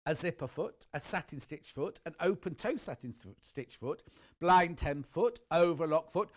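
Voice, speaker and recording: A man hosts a live shopping demonstration from a TV studio, chatting eagerly to the viewers at home. His voice sits a little high and swoops up and down with lively intonation. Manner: chatty, enthusiastic, talks straight to viewers. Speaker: shopping channel presenter.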